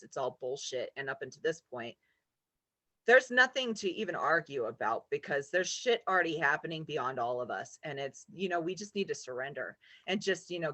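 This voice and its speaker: Woman, casual chat, excitable, swears a lot, bright forceful tone. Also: low voice, dry recording. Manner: excitable, swears freely, swings into loud outbursts.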